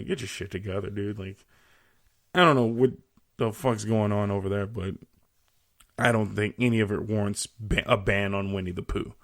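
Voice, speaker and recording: Profane young man ranting solo. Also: on the low side. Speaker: podcast host. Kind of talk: solo comedic rant.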